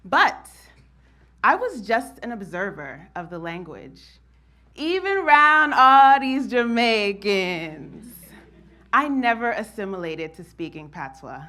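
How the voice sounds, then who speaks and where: Lively bright-voiced woman telling a story. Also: a little high, slow pace. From New Jersey, USA. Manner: expressive, animated storytelling with frequent laughs. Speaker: monologue performer. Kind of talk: performed spoken-word monologue.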